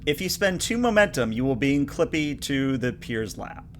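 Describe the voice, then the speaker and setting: A man narrating as game master of a tabletop game, playful and quick to ham up scenes. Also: medium pitch, sing-song, slight background noise. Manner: playful, hams up voices.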